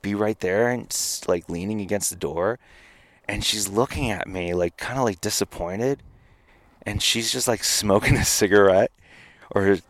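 A man with a very low voice tells a personal story as a podcast guest. He talks in an animated way, stumbling and restarting his sentences. The sound is close and dry. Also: a little slow, no echo. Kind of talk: casual storytelling.

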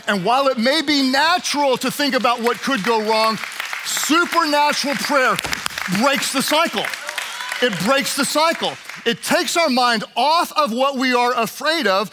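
A man preaching a sermon with passion. He repeats phrases and swings from shouting to hushed, prayerful tones. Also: extremely high pitch. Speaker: pastor.

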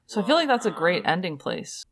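A woman's voice: on the low side, very animated, a little fast, a crowd in the background. A woman co-hosting a podcast in casual chat, wry and talkative. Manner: chatty, wry, many "like" fillers. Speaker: podcast co-host.

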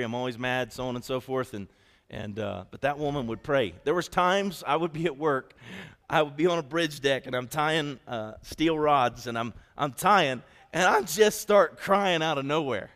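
A man's voice: mid-range voice, a bit bright. A middle-aged male pastor preaching a sermon, talking conversationally and calling out to his congregation. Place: church sanctuary. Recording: long hall reverb.

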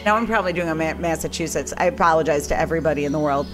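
A woman's voice: low-pitched, rapid-fire, loud music behind the voice, pitched below the performer's own voice, close to an everyday voice. A woman putting on a hammy northeastern accent. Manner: hammy, self-mocking, giggly. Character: woman listener with a put-on regional accent.

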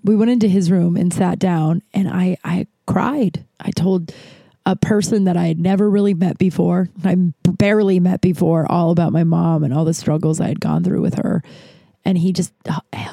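Woman in her 40s, mellow gravelly voice, casual profane storyteller, dry close sound. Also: fairly low pitch, fairly even intonation, normal speed, dry recording. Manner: candid, profane, rambling with restarts.

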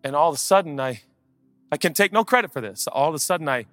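High bright-voiced preacher man. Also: animated, fast, no echo, long reverb tail, soft background music. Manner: swings from loud impassioned calls to quiet conversational asides. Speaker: pastor. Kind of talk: sermon.

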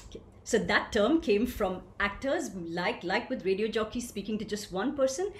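A woman leading an online voice workshop, telling stage stories and reading out participants' comments in an animated, engaging way. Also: mid-range voice, normal speed. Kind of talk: interactive webinar talk. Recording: echoey room with faint ambient noise.

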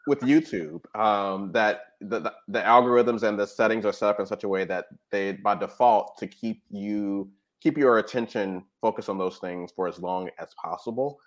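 A man with a deep, low voice talks in a relaxed interview. He explains points step by step and keeps checking in with his listener as he goes. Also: normal speed, hardly any pauses. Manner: explanatory, frequent "right?" and "you know". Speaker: guest expert on technology habits. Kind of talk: conversational interview talk.

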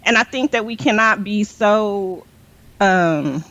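A woman's voice: medium pitch, takes it slowly, fairly bright tone, no echo, muffled recording. A woman speaking as a guest in a casual conversation, explaining her view earnestly and laughing easily.

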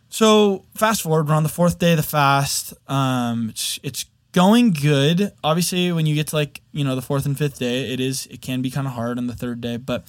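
A young man speaks candidly to his listeners, sharing a personal testimony with earnest openness. His voice sits at an ordinary middle pitch. The sound is dry and close, with no room echo. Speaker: video editor sharing a faith testimony.

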